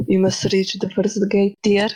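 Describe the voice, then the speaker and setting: A woman's voice: medium pitch, monotone, normal speed, dark tone, natural voice, low-quality recording. A woman voicing a pompous old male communist book sprite who preaches solemnly and calls the listener "my dear", in a voice-chat role-play. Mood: preaching.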